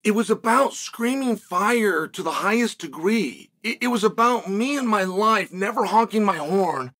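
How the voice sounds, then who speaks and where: A middle-aged man hosts a casual studio monologue, spinning a story with lively swings up and down in pitch. His voice is bright and carries a husky edge. He jumps into the quotes he is telling, acting them out as he goes. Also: measured pace. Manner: animated, acts out shouted quotes. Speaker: show host.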